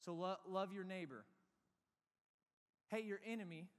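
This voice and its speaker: A young man preaching to a youth group, telling a funny childhood story with animated, excitable energy. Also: high voice, a little slow, big-room sound. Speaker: youth pastor. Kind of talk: sermon with a personal story.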